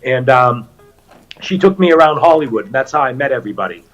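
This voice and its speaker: Soft music plays behind this brisk, medium-pitched Boston voice. The middle-aged actor chats casually as a guest, spinning stories with animation and performing the quotes himself.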